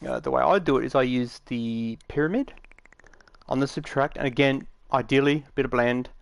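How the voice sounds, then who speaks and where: A man's voice: mid-range voice, steady tone, normal speed, vocal fry. A man giving a casual, rambling tutorial, matter-of-fact and full of fillers, recorded dry on a close mic. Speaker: game tutorial maker.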